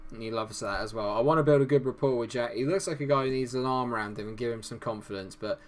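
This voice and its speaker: A man's voice: medium pitch, fast talker, slight background noise. A young man commentating casually on his own football management game, swearing freely and cheering and groaning at the action. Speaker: gaming YouTuber.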